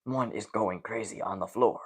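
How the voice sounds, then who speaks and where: A man putting on a hushed, solemn nature documentary narrator in a whispered role-play. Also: fairly low pitch, normal speed, husky, pitched below the performer's own voice.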